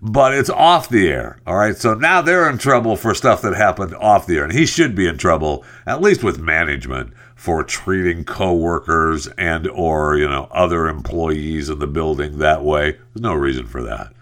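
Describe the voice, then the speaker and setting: A man's voice: a bass voice, fairly bright tone. A male show host giving casual commentary and reading news headlines, chatty and given to laughing at his own stories.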